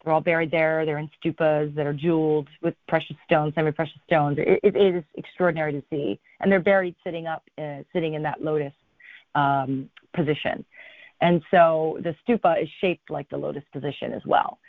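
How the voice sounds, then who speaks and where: A woman, a guest in an interview, telling a travel story in an animated way and acting out what people said. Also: low-pitched, brisk, dry recording. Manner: animated storyteller, acts out quotes. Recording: thin phone-like line, dry.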